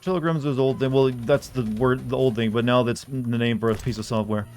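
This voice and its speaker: A man's voice: medium pitch, fairly even intonation, brisk, darkish tone, faint music behind. A man streaming a game, chatting casually and rambling with frequent restarts and asides. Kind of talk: casual gameplay commentary.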